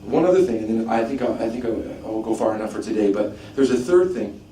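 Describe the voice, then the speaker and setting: A man preaching a teaching sermon, animated, asking rhetorical questions and often restarting his sentences. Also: fairly low pitch, quick pace. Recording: echoey room, mic at a distance, faint background noise.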